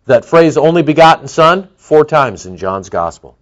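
A man preaching a sermon as pastor, animated, with lively emphasis and asides to his listeners. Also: on the high side, normal speed.

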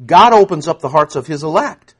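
Guy preaching, hushed one sec then booming, voice sits kinda high and bounces all over. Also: expressive, a little fast, slightly rough. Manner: emphatic, swings from hushed to loud, repeats words for stress. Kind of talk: sermon.

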